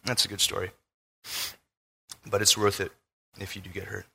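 A man preaching a casual, animated sermon, telling a personal story. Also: on the low side, moderate pace, gravelly, slightly rough. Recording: long reverb of a large room.

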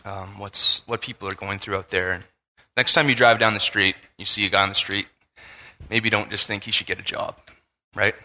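A man preaching a casual, animated sermon, telling a personal story. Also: lowish voice, moderate pace. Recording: long reverb of a large room.

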